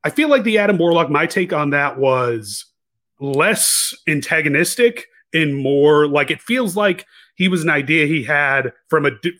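A man's voice: on the high side, sharp tone. A man co-hosting a podcast, chatting casually about a film with lots of restarts and self-corrections. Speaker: podcast co-host. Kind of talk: casual podcast review chat.

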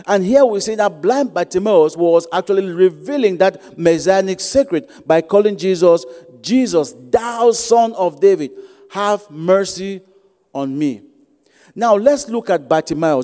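A man's voice: high voice, dark tone. A man preaching a sermon as guest preacher, repeating key phrases for emphasis. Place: church sanctuary. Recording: long church reverb.

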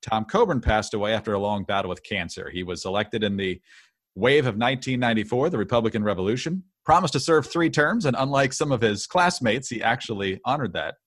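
A man co-hosting a podcast, speaking in a measured, wry way with many fillers. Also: fairly low pitch, lively intonation, no echo, clean studio sound. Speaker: podcast co-host. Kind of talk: casual political commentary.

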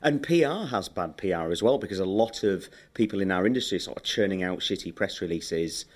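A man's voice: deep voice, lively intonation, fairly quick. A modest, articulate man with an English accent, speaking as a guest in a casual interview. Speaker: podcast guest, PR professional.

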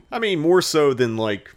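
Animated, profane male podcast host. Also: a little high, slow. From Los Angeles area. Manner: animated, profane, jokey, acts out characters. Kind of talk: casual podcast movie chat.

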